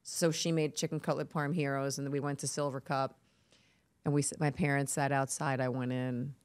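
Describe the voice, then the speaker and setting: A woman's voice: a bass voice, a little fast, clean tone, no room sound. A woman, a podcast guest telling stories in a brash, profane way and acting out the people she quotes. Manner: brash, profane storytelling with lively voiced quotes. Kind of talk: casual podcast interview.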